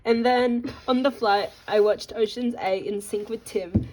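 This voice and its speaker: A woman's voice: fairly high pitch, a little slow, darkish tone, slight background noise, low-quality recording. A young woman from Australia narrating a casual travel vlog, chatty and jokey, talking straight to her viewers. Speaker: vlogger.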